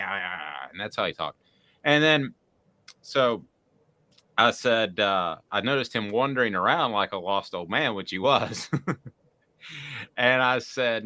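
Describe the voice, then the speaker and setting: A man co-hosting a sports talk show, spinning a long anecdote with plenty of ums and restarts. His pitch sits low but swings widely, and his tone is bright and forward. The sound is close and dry. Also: unhurried, no room sound. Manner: rambling, animated storyteller with filler words. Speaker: sports radio co-host. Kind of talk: casual radio chat, storytelling.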